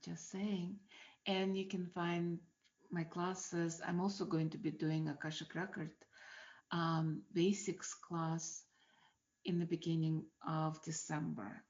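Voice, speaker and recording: A woman hosting a self-help show, talking reflectively and asking many gentle rhetorical questions. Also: on the low side, level tone, slow pace, muffled recording.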